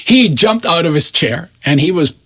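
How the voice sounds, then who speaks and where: A man in his eighties, an interview guest, telling a personal story in an animated way and often restarting his phrases. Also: fairly high pitch, normal speed. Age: 80s.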